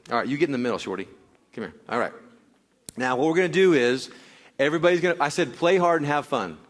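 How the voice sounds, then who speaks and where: A man speaking live to a crowd from a stage, explaining an exercise and coaching volunteers through it with shouted cues. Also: medium pitch. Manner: energetic, coaxing, shouts workout cues. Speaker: wellness speaker leading a workout demo.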